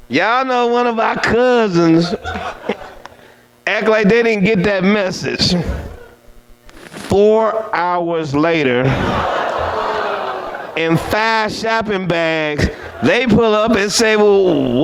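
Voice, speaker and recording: A man's voice: sits high, animated, very slow, pauses often, noisy background. A man emceeing an awards dinner, telling a funny story to the audience in a playful, teasing, chatty way.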